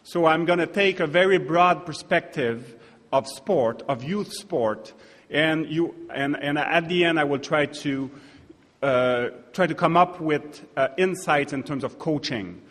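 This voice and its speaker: A man's voice: fairly high pitch, unhurried, fairly bright tone. French-Canadian man lecturing in a hall. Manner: hesitant, many restarts and fillers. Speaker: keynote speaker. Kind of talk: academic conference lecture. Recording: echoey hall, long reverb.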